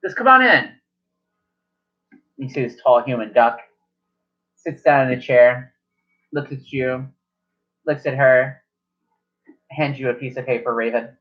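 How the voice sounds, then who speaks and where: A man's voice: mid-range voice, flat delivery, a little slow, long pauses. A man narrating as game master at a tabletop game, rambling and correcting himself as he goes, in a lo-fi recording.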